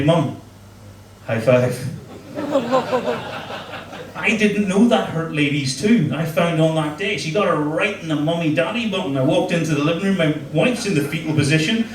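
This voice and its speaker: A middle-aged stand-up comedian from Northern Ireland tells crude, self-mocking stories on stage, his voice a little high for a man. He's picked up far from the mic in an echoey club room, with a faint hum of ambience behind him.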